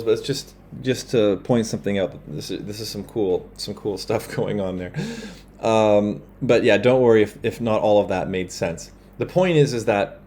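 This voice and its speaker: A man with a slightly low voice walks through a grammar lesson over slides. He explains casually, with fillers and quick self-corrections. He stops to say example phrases in another language. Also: a little mellow. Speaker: language teacher.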